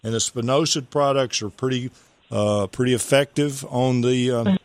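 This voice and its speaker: A man's voice: medium pitch, normal speed, dry recording. A man hosting a call-in gardening radio show, giving rambling, folksy advice and spelling out product names.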